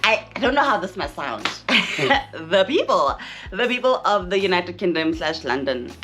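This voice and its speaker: A woman's voice: lowish voice, big pitch swings, normal speed, fairly bright tone, faint music behind. A young woman from South Africa with a South African accent, talking frankly to camera in a casual vlog and repeating phrases for emphasis. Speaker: vlogger.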